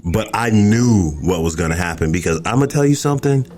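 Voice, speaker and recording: A man's voice: fairly low pitch, animated, a little fast, a little mellow. A man who is a podcast guest, telling a story in a laid-back, casual and profane way.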